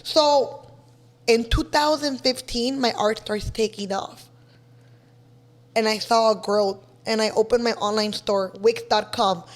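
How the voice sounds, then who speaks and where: A woman, a guest telling lively stories, swearing freely and switching between English and Spanish. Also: a little high, unhurried. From East Los Angeles. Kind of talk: casual chat.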